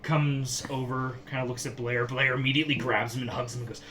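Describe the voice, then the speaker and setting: A man narrating a tabletop game as game master, describing scenes slowly and vividly. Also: mid-range voice, fairly even intonation, bright, forceful tone, a little hiss or hum.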